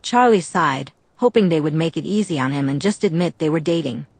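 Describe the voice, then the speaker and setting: A woman narrating a fan-fiction audiobook in a steady, even reading. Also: low voice, brisk, creaky, slightly rough, no room sound.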